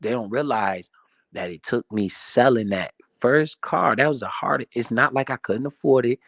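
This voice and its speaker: A man's voice: mid-range voice, moderate pace, gravelly, a bit bright, no echo, studio quality. A man giving a profane, emphatic motivational rant about money in a casual way. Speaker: motivational finance streamer.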